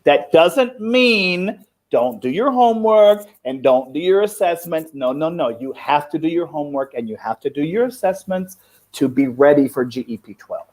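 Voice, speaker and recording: A cheerful man who teaches English, talking casually and laughing a lot. His voice sits a little high for a man, and he slows down to explain things with patience. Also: lively intonation, darkish tone. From foreign, living in Cambodia. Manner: upbeat, laughs often, explains slowly and patiently. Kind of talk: casual live-stream chat.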